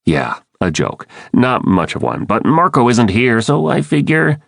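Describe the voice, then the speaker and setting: A man's voice: mid-range voice, very animated, a little slow, creaky, a bit bright, no room sound, clean studio sound, pitched above the performer's own voice, full character voice. A man voicing a tense teenage boy who leads the group with clipped orders, in an audiobook. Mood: wry. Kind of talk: audiobook character voice.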